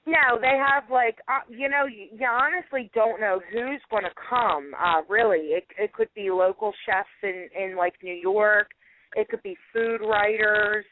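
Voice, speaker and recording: A woman's voice: medium pitch, unhurried, a little hiss or hum. A woman guest telling stories in a chatty way and laughing often, heard over a phone line. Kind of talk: casual phone interview.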